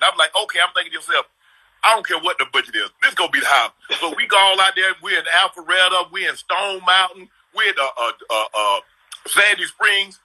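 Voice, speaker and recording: A man's voice: high voice, animated, brisk, pushed and bright, husky, poor audio. A middle-aged man hosting a casual live video-call chat, telling stories in an emphatic, slangy way. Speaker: host.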